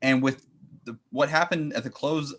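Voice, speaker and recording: A man coaching trades, calmly walking through a chart step by step in casual chat. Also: medium pitch, normal speed. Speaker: trading coach.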